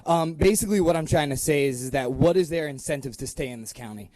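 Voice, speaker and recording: A man's voice: a little high, quick pace, a little mellow, dry recording. A young man, a school department head, giving an impassioned public comment with many "um" fillers.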